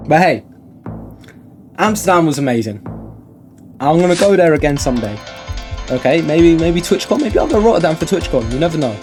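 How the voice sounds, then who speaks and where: Excitable young guy telling a story. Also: a little high, fairly quick, long pauses, over music. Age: young adult. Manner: excitable, rambling, swears freely. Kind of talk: casual storytime vlog.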